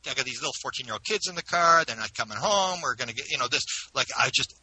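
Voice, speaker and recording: A man who is an interview guest, telling a personal story in an animated way with frequent restarts. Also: mid-range voice, fast, hardly any pauses, a little hiss or hum, poor audio. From Canada.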